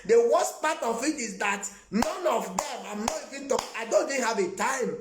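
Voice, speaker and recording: Preaching live to his viewers as a prophet, a Nigerian man with a high voice talks emphatically and ramblingly, laughing often and answering viewers by name. He's animated and speaks at normal speed, in an echoey room with a noisy background.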